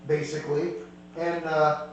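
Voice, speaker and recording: A man's voice: fairly high pitch, level tone, measured pace. A man narrating as a tabletop game master, rambling and heavy on fillers, recorded from a distance in an echoey room with a faint hum.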